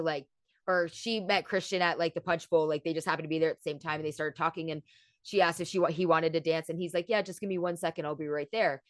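Profane, animated woman in casual chat. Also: fairly low pitch, no room sound, clean studio sound. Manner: profane, animated, acts out quotes. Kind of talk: casual chat recapping a film.

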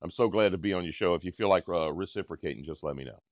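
A man's voice: low-pitched, racing, no echo, lo-fi sound. An older man, hosting a podcast in a rambling, laid-back drawl. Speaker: podcast host. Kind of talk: casual chat and read ads.

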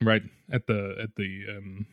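A man co-hosting a movie review podcast in casual chat, wry and animated, often stammering on his words. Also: fairly low pitch, unhurried, no room sound, phone-quality sound. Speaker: podcast co-host.

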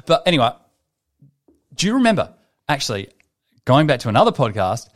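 A man's voice: mid-range voice, very animated, a little fast. A man, a podcast host telling a long rambling story in casual chat, swearing freely.

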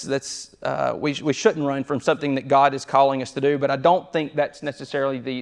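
A young man preaching a sermon in a conversational way, often restarting and repeating words as he goes. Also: mid-range voice.

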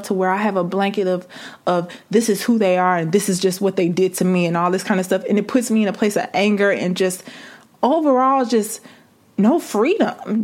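A woman's voice: medium pitch, darkish tone. A woman preaching a sermon, building fervor through repeated rhetorical questions. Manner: impassioned, repetitive rhetorical questions.

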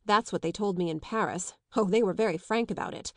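An eager, anxious young gentleman, read by a woman pleads his case in an audiobook. He sounds earnest and a little defiant, with the voice pitched mid-range and recorded dry and close. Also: a little fast, no room sound, lightly acted. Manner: pleading, defiant, slightly raised voice. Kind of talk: audiobook character reading.

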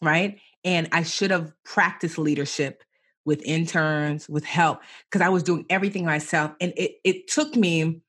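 A woman guest chatting casually in an interview, telling stories with animated asides and voicing herself in quotes. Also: low voice, normal speed, husky. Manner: lively storyteller, animated self-quotes. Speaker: guest entrepreneur.

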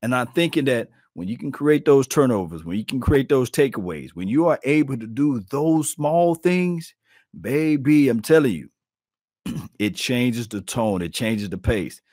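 A man hosting a casual sports talk stream, animated and preachy, calling out to viewers as he riffs. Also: medium pitch, unhurried, no room sound, studio quality. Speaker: podcast host.

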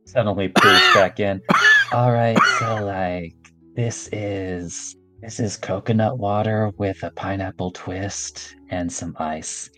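A man with a lowish voice taking his turn in a tabletop game. He talks slowly and hesitantly, leaning on fillers, while music plays faintly behind him. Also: fairly even intonation. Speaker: player.

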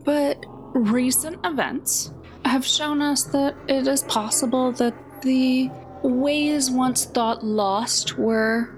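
Woman player, in character, theatrical and coy, unhurried delivery, higher voice. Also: faint music behind. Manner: theatrical, smooth, flirtatious. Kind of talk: in-character role-play.

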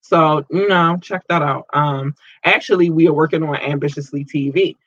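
Upbeat male podcast host, animated, slightly high voice, dry close sound. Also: normal speed, no echo, highs cut off. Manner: upbeat, animated, stumbles over place names. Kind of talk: casual shout-outs to listeners.

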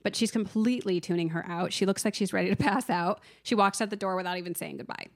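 Woman podcast co-host with a gravelly edge who tells the plot with animated energy and acts out the quotes. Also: mid-range voice, fast talker. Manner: animated storytelling, acts out the film's lines. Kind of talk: casual movie recap chat.

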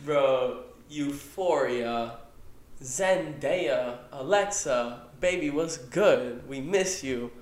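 A young man co-hosting a podcast, talking fast and excitably and dropping "bro" into almost every sentence. He swears freely, and the room gives his voice a noticeable echo. His pitch sits in an ordinary middle range. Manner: excitable, swears a lot, says "bro" constantly. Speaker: podcast co-host. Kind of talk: casual chat. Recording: echoey room.

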